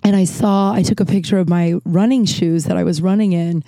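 Low, mellow-voiced woman podcasting. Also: fairly even intonation, a little fast, no room sound. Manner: rambling, candid, swears freely. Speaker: podcast host. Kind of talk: casual solo podcast chat. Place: small closet.

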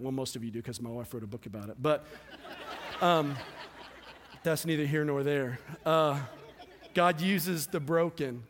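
A man preaching a sermon as pastor, with passionate delivery that swings between loud emphasis and quiet, hushed moments. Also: fairly high pitch, unhurried, long pauses, a little hiss or hum. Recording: long hall reverb.

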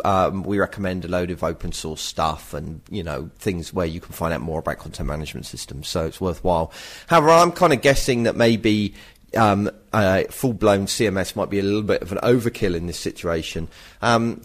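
A middle-aged man co-hosting a casual podcast, chatty and self-mocking, with teasing mock rants. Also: on the low side. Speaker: podcast co-host.

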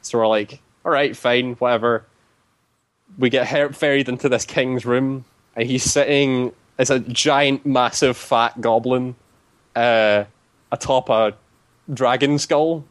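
A man's voice: medium pitch, fairly even intonation, measured pace, dry recording. Guy rambling through a story about his game night, lots of "like", dry sound. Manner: rambling, heavy use of "like" fillers. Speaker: tabletop game player. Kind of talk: casual storytelling.

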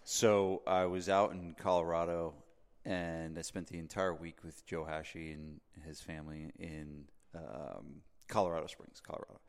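A man's voice: deep voice, normal speed, gravelly, in a large hall. A man from New Jersey, a podcast host, telling a casual story full of fillers and asides. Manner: rambling, filler-heavy, animated when making a point.

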